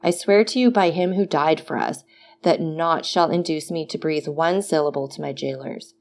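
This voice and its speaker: A woman's voice: deep voice, normal speed, a little mellow. A woman voicing a desperate young male prisoner who pleads fervently. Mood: pleading. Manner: fervent, imploring.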